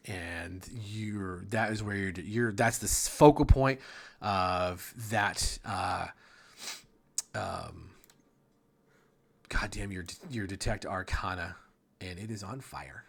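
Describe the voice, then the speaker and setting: A man's voice: low-pitched, expressive, takes it slowly, vocal fry, pauses often, breathy edge. A man narrating a tabletop game as game master, rambling casually, swearing and trailing off mid-sentence.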